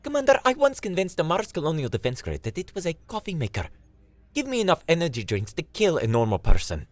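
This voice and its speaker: A man voicing a cocky male hacker who hasn't slept, fast and wisecracking, in a sci-fi story narration. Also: a little high, huge pitch swings, no echo, voice pushed up. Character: Todd Delgado, sleepless male hacker, cocky.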